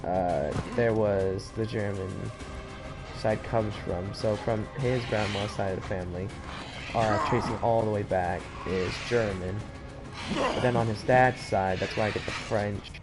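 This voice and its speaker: A man's voice: fairly low pitch, steady tone, unhurried. An American man hosting a gaming channel, chatting casually and rambling as he plays. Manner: rambling, chatty, self-interrupting. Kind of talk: casual let's-play commentary. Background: game music.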